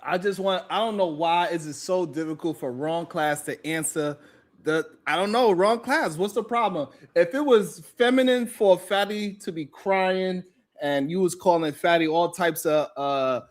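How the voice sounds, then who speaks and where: A man's voice: high-pitched, moderate pace. A man hosting a morning talk show, teasing his guests and laughing often between lines. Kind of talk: livestream talk show commentary.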